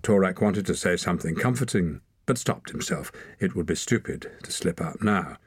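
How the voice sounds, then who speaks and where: A man's voice: low-pitched, moderate pace, husky, no room sound. A man narrating a story as an audiobook reader, reading expressively. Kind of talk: scripted narration.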